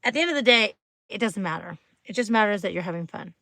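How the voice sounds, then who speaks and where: Bubbly woman livestreaming, tons of "like", bright voice, dry close sound. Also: mid-range voice, lively intonation, fast talker, creaky, dry recording. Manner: chatty, bubbly, full of "like" fillers, greets viewers. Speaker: livestream host. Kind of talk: casual live-stream chat.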